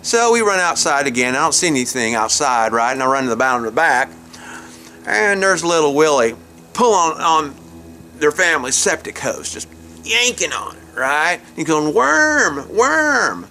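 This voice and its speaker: A man's voice: on the high side, animated, moderate pace, pushed and bright, a little hiss or hum. A man telling a folksy campsite tale. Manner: folksy, chuckles at his own jokes. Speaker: comedic storyteller host. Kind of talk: folksy comedic storytelling.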